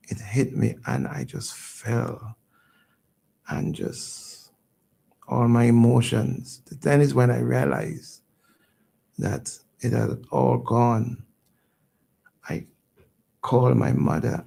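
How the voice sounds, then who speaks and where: Man, radio station owner, guest slot; very gravelly and husky, mellow tone; halting, repeats himself when moved. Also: mid-range voice. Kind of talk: emotional personal storytelling.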